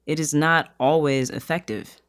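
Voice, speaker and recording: An advocate explaining things in an interview, speaking in a measured, explanatory way. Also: medium pitch, a bit bright, clear, resonant tone. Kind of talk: recorded interview clip.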